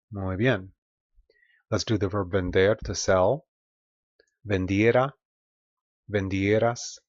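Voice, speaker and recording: A man's voice: on the low side, no echo, muffled recording. A man teaching a recorded grammar lesson, patiently modeling words for listeners to repeat. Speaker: Spanish teacher.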